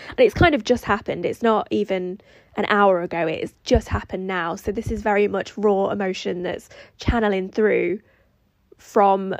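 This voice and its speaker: A woman's voice: medium pitch, steady tone, moderate pace, dry recording. A woman hosting a solo podcast, telling a personal story in a reflective, rambling way that includes her own inner dialogue. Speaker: podcast host.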